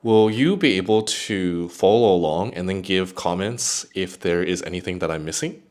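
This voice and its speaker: A man's voice: low voice, moderate pace, a little mellow. A man hosting a casual tech review video, chatting with an AI assistant as he goes. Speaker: tech YouTuber.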